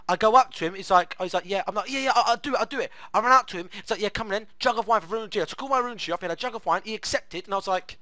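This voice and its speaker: Young male streamer, excitable storyteller, swears a lot, slightly high pitch, dry close sound. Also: fast, no room sound. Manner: excitable, swears freely, acts out voices in his stories. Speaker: game streamer. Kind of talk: casual storytelling while playing a game.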